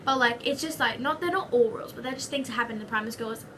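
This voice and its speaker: A woman's voice: a little high, racing, sharp tone, recorded from a distance, slight background noise. A young woman with an Australian accent chatting in a casual vlog, rambling and goofy, full of jokes and asides. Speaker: vlogger.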